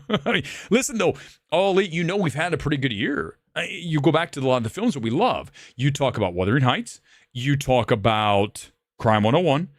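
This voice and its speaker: A man's voice: mid-range voice, dry recording, clean studio sound. Profane, combative man hosting a livestream. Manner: combative, profane, self-assured ranting. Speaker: movie review livestream host. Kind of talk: ranting livestream commentary.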